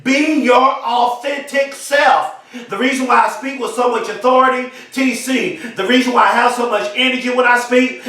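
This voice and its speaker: A man giving an emphatic motivational speech, repeating slogans and often shouting them. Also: very high-pitched, fairly even intonation, measured pace. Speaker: motivational speaker. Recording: very echoey, from far off the mic.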